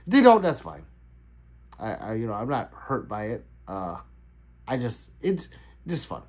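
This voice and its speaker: A man's voice: mid-range voice, sing-song, unhurried, a little mellow. Laid-back man chatting on a livestream. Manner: loose, laughing, chatty, reading out chat. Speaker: livestream host. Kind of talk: casual livestream chat.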